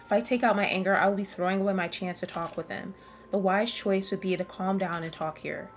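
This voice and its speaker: A woman's voice: mid-range voice, fairly even intonation, a little fast, faint music behind, lightly acted. Game role: scornful teen girl, read by a woman, cold and mocking. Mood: brooding. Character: sharp-tongued teenage girl, cutting and scornful.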